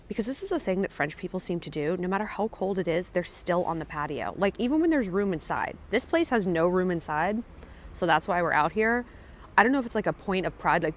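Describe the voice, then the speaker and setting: A woman talking to camera in a casual travel vlog, chatty, excitable and jokey, recorded outdoors on a handheld camera. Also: lowish voice, a little fast, a little hiss or hum. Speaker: travel vlogger. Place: outdoors on a café patio and in city streets.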